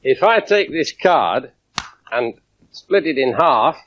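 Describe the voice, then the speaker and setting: Wry English lecturer, dull 1970s tape. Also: male voice, fairly high pitch, slow pace. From England. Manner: lively, wry demonstrating with audience. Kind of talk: public science lecture. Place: lecture theatre with audience. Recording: dull 1970s broadcast recording.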